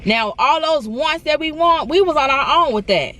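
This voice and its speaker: A woman's voice: sits high, lively intonation, normal speed, pushed and bright. Earnest, encouraging woman vlogger. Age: adult. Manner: earnest, encouraging, repeats phrases. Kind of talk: emotional storytime vlog.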